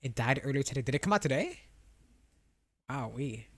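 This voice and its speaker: A young man with a medium-pitched, animated voice chats fairly quickly with his stream audience, with no room sound. The casual talk rambles, full of laughs and restarts as he answers chat, and he lisps slightly on R and W sounds.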